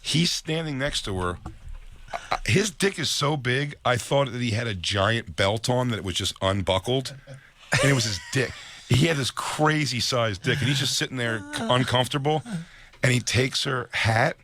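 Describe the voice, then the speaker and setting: A man's voice: medium pitch, lively intonation, moderate pace, fairly bright tone, a little hiss or hum. A man hosting a crude, casual radio talk show from a studio, rambling through a story and laughing often. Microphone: studio microphone.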